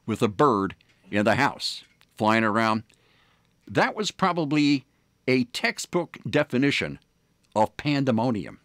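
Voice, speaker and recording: A man's voice: mid-range voice, a bit bright, no room sound, studio quality. A man hosting a morning radio show, telling stories in a rambling way with many fillers and restarts. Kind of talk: casual on-air storytelling. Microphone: studio microphone.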